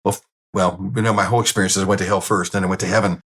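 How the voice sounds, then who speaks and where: A man with a husky, fairly low voice tells his story as an interview guest. He talks bluntly and plainly, and he is openly emotional. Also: little pitch movement, racing, fairly bright tone. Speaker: guest sharing a near-death experience. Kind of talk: candid personal storytelling.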